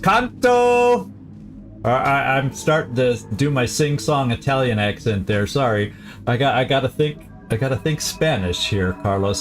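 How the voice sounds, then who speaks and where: A man hosting a channel who comments on a strategy game, thinking aloud and correcting himself as he plans moves. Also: mid-range voice. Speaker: gaming channel host.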